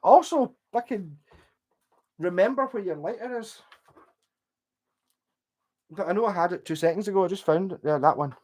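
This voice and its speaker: A Scottish man talks to his livestream audience in a relaxed, wandering way. He drifts from one thought to the next and drops swear words freely, sounding easygoing and unpolished. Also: high-pitched, moderate pace, long pauses. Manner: swears often, loose and digressive. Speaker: livestreamer chatting with viewers. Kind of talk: casual rambling chat.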